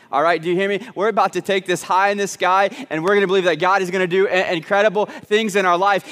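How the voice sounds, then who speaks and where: A pastor preaching a sermon, emphatic and repetitive, with joking asides to the congregation. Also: male voice, high-pitched, fairly bright tone. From Southern United States (Arkansas, Texas). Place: church sanctuary. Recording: long church reverb.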